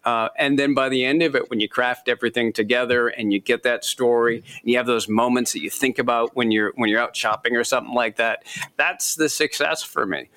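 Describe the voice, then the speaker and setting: A man, an author being interviewed, telling stories in a lively, self-deprecating way and laughing often. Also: medium pitch. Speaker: author guest. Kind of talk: casual interview chat.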